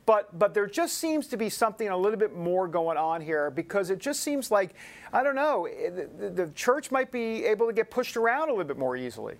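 A man's voice: high-pitched, big pitch swings, a little fast. A man hosting a political talk show, chatty with joking asides.

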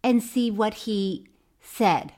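A woman's voice: slow pace, darkish tone. A woman co-hosting a podcast, casually recapping a crime documentary with a teasing, playful manner and frequent laughter. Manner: teasing, playful, laughs often, drops to a low mutter for asides. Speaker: podcast co-host.

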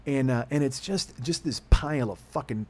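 A man's voice: mid-range voice, normal speed, darkish tone. A man hosting a podcast, telling a rambling, profane, self-deprecating story in casual chat. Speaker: podcast host.

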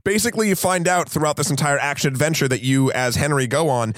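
A man's voice: fairly high pitch, fast, no echo, studio quality. A man from New England with a light local accent, co-hosting a movie podcast in casual chat, retelling scenes and swearing freely. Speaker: podcast co-host.

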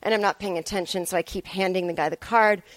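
Talking fast in a fairly even tone, this woman's low-ish voice carries a meandering, self-deprecating tale full of sarcasm. She's a comedian doing her podcast solo, and the podcast microphone picks up no room sound.

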